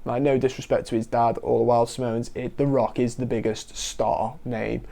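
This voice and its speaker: Male host, mellow timbre, casual chatty review delivery. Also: mid-range voice, vocal fry. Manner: animated, quoting wrestlers in quick asides. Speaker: wrestling podcast host.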